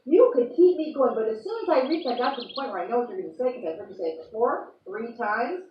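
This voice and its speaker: Chatty high-voiced woman, roomy and distant. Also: very animated, fast talker. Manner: chatty, rambling, playful and self-amused. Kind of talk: improvised monologue in the persona of a star sign. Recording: echoey room, from far off, dull lo-fi sound, faint noise.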